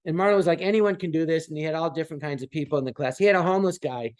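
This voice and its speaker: Animated man in his sixties telling stories. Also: fairly high pitch, racing. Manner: animated, acts out quoted voices. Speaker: guest. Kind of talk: casual anecdote telling.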